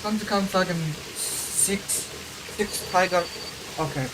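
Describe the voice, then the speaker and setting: A young American man talks his way through a live stream, musing aloud and stumbling over foreign words. His voice sits a bit high for a man, and a faint hum of room noise lies under it. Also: takes it slowly. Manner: rambling, self-questioning, trying out German words. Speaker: game streamer. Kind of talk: casual live-stream chat.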